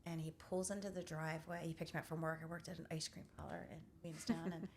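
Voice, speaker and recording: A middle-aged woman telling a painful family story candidly, pausing often with fillers. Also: low-pitched, flat delivery, gravelly, a little hiss or hum. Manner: candid, halting with many fillers. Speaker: podcast host. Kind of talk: personal storytelling in conversation.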